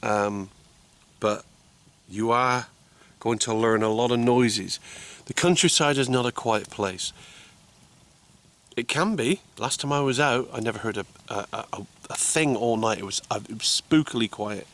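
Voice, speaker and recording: A man sits outdoors in winter woods, telling a casual story to camera. He rambles, chuckles and trips over repeated words. His voice sits at an ordinary middle pitch. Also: unhurried, fairly bright tone. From United Kingdom. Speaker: outdoor vlogger.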